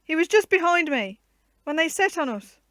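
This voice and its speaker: A woman voicing a burly, gruff male knight who roars his commands in old-fashioned speech. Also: a little high, fairly even intonation, moderate pace, no room sound, close to an everyday voice. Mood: alarmed, roaring.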